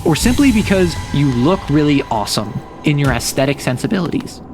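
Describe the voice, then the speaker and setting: A man's voice: fairly high pitch, big pitch swings, brisk, music in the background. A man chatting casually while streaming a game, rambling and saying "like" often. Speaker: VTuber streamer. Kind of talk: casual gameplay stream commentary.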